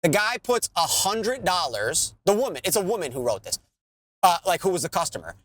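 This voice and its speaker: A man's voice: sits high, fairly quick. A man, co-hosting a podcast and ranting in casual, profane chat. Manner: animated, swearing ranter. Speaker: podcast co-host.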